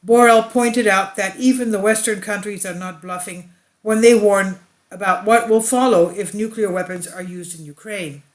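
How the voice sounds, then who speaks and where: A woman's voice: medium pitch, moderate pace. Woman reading news with chatty asides. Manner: reads a news article aloud, then breaks off into animated asides; hesitant, with frequent uh and restarts in her own remarks. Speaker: online news commentator. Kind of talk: reading translated news with personal commentary.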